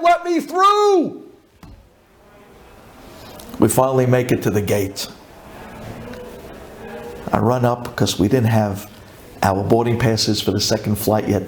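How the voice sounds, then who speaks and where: A man telling a religious travel story with great drama, dropping low and then climbing to near shouts. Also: slight background noise.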